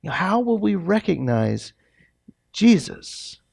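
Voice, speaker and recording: A man with a high voice preaches a relaxed, conversational sermon. He tells the story in an animated, everyday way, often restarting his sentences and filling pauses as he goes. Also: gravelly, slightly rough. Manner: casual, animated storytelling with many fillers and restarts. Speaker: pastor. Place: church sanctuary.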